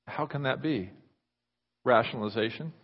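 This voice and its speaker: A man preaching a sermon, moving from loud, fervent delivery to hushed near-whispers. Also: mid-range voice, moderate pace. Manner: impassioned, rising loud then dropping to near whispers. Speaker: pastor. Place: church sanctuary. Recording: muffled reverberant hall recording.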